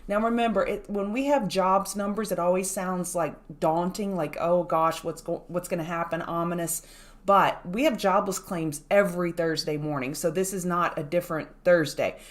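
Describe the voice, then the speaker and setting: A woman's voice: fairly low pitch, steady tone, normal speed. A woman hosting a morning trading livestream, greeting viewers by name and explaining market moves in a casual, chatty way. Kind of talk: casual live-stream chat.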